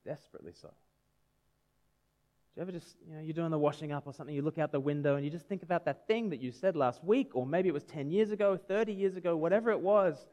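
Guy in his 30s preaching, chatty, keeps asking the crowd stuff, kinda high voice. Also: fast talker, darkish tone. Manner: conversational, asks the audience questions. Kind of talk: sermon.

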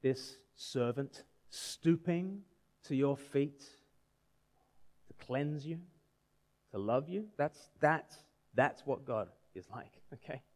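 A man in his thirties preaches a sermon conversationally, putting questions to his listeners. His voice is mid-range and slow-paced.

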